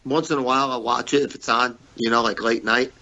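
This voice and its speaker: A man's voice: mid-range voice, steady tone, fast, sharp tone, dull audio. A man, a former wrestler, telling stories as an interview guest in a rambling, casual way, repeating words and saying "you know" often. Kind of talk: casual storytelling.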